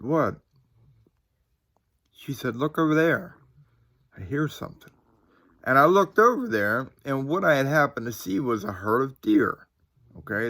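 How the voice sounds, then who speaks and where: A man in his forties from Ohio tells a ghost story into his phone. His voice sits a little low, and his chat wanders with fillers and asides to his viewers. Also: fairly bright tone. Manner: rambling, chatty, addresses viewers with fillers and asides. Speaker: channel host. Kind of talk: casual ghost-story vlog.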